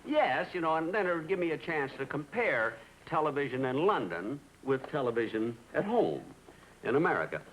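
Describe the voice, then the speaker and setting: Fussy indignant comedian, old TV sitcom. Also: male voice, fairly high pitch, sing-song, moderate pace, a bit bright, poor audio. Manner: indignant, fussy comic complaining. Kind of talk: 1950s TV sitcom acting. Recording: old TV audio with audience and hiss.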